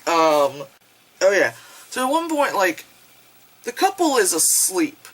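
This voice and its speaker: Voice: medium pitch, very animated, slow pace, a bit bright, rough recording. A reviewer recapping a horror film in a casual vlog, rambling and swearing freely and acting out the characters' lines. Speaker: movie reviewer.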